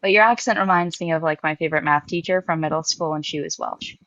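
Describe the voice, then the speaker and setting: A young woman joins a live stream chat, friendly and talkative. Her voice sits a little low for a woman and comes through dry and slightly dull, as if over a lo-fi link. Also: fast talker, a bit bright, no echo.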